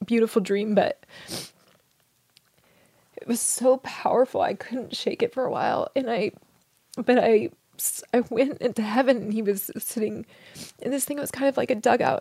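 A middle-aged woman telling a personal story in a soft, halting way, sometimes falling to a whisper. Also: on the high side, gravelly, dry recording. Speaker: interview guest.

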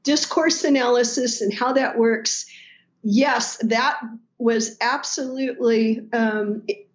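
A woman scholar answering interview questions in a lively, animated way, often laughing and quoting others. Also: fairly high pitch, slow, lo-fi sound. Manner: animated, laughing, quotes voices while explaining. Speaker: New Testament scholar guest. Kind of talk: podcast interview.

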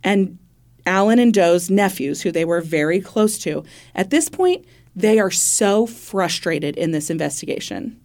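A woman's voice: on the low side, expressive, unhurried, darkish tone. A woman co-hosting a podcast, telling a true-crime case in a loose, conversational way, laughing often and swearing now and then. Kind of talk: casual true-crime storytelling.

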